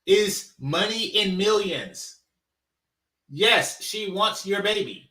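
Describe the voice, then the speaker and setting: A man's voice: high-pitched, slow pace, sharp tone. A man hosting a reaction commentary, ranting and mocking, repeating his points for emphasis. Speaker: commentary channel host.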